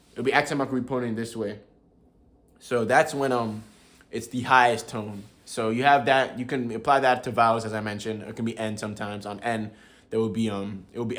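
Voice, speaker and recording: Young guy breaking stuff down for viewers, chill and chatty, calls em bro, mid pitch. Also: a bit bright. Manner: laid-back, calls viewers bro, chuckles while explaining. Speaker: language learner teaching viewers. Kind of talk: casual explainer vlog.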